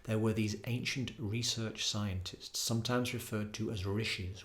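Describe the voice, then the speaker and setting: Low-voiced man hosting a yoga podcast. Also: steady tone. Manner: measured, emphatic, lists phrases in rhythmic series. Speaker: yoga teacher and podcast host. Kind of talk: reflective solo podcast talk.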